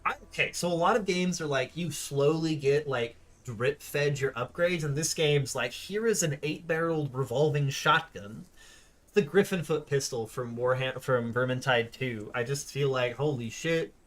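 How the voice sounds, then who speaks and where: A man from California giving excitable, casual commentary while playing a game. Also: medium pitch, moderate pace, hardly any pauses. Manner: excitable, swears, chuckles often. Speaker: gaming streamer.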